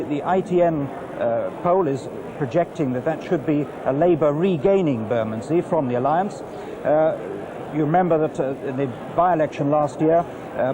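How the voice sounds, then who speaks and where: A man's voice: a little high, noisy background. A male reporter giving a live report from a school hall at an election count, informative, with frequent fillers. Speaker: field reporter. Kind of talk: live outside broadcast report.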